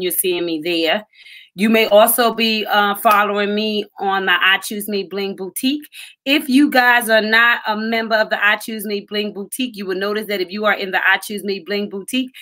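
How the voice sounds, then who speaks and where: A woman with a bright, forceful voice hosts a live stream, speaking straight to her online viewers. Her talk is chatty and encouraging, with motivational pep and an easy, familiar "honey" now and then. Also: medium pitch. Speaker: livestream host. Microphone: phone or webcam livestream.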